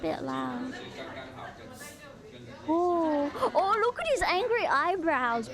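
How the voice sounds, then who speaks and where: Excitable girl streamer, really high voice, drawls her words slowly, lots of gasps. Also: a crowd in the background. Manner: bubbly, excitable, gasping at what she sees. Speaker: streamer host. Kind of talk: live-stream reaction chat.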